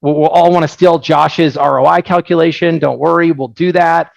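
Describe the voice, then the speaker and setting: A man presenting his software on a live webinar, energetic and joking, telling stories with lots of asides. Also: fairly high pitch, moderate pace, vocal fry, no room sound, rough recording. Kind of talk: casual live product presentation.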